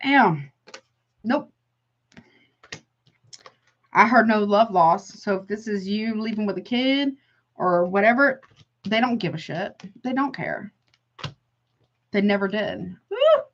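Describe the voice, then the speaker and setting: A woman reads tarot cards in a blunt, emphatic, exclaiming way, often cutting in with a flat "no" and calling the listener honey. Her voice sits at an ordinary middle pitch. The recording is a little dull and lo-fi. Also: slow pace, pauses often. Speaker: tarot reader. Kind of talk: casual tarot reading to camera.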